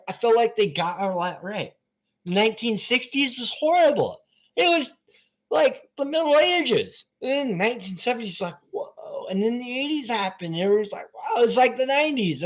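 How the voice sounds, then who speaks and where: A man hosting a live stream from his phone, rambling between topics in an excitable, profane way. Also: high voice. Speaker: channel host.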